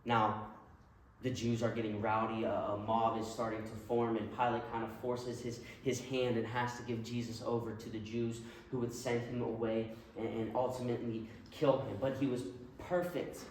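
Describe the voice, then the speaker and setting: A man's voice: fairly low pitch, flat delivery, moderate pace, a little hiss or hum. A man preaching a sermon, retelling a story earnestly and vividly. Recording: very echoey room, mic far off.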